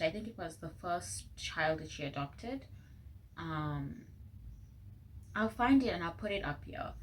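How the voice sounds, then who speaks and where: A young woman reading tarot cards in a casual, earnest way, recorded on a phone, sometimes dropping into soft whispered asides. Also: lowish voice, a little hiss or hum, rough recording. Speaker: tarot reader. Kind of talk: casual pick-a-card reading. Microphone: phone microphone.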